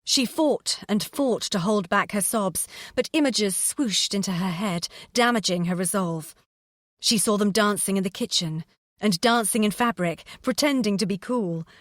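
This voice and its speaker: A woman narrating an audiobook with steady, expressive storytelling on a close microphone. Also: mid-range voice, unhurried, no room sound. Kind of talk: scripted narration.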